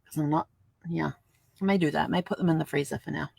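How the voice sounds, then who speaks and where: A woman's voice: low-pitched, steady tone, fast talker, gravelly, a little mellow, husky, dry recording. An older woman chatting casually to camera at home, laughing often and acting out little dialogues as she tells stories. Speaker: vlogger. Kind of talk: casual storytelling vlog.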